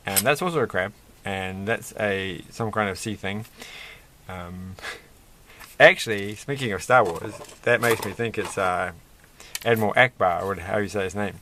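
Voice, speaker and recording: Rambling, lower-voiced man building toys. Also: fairly bright tone. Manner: rambling, chatty and self-deprecating. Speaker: host. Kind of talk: casual toy-building commentary.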